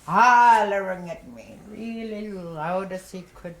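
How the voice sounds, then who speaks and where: An older Elder storyteller from Canada's Inuvialuit Settlement Region reminisces in a relaxed way, speaking softly, pausing often and laughing warmly. Her voice is medium in pitch. The recording comes from a workshop room, echoey, with a distant mic and a faint hum.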